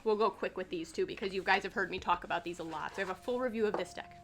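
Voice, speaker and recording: Talking very fast in a medium-pitched, fairly bright voice, a woman who makes tarot content chats loosely with her viewers, her speech full of "like" and "um" as she holds cards up to the camera. There's slight background noise.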